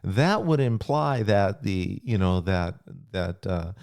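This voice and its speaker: A middle-aged man hosting a podcast in casual chat, relaxed and rambling with many restarts. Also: on the low side, slow, vocal fry, no room sound. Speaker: podcast host.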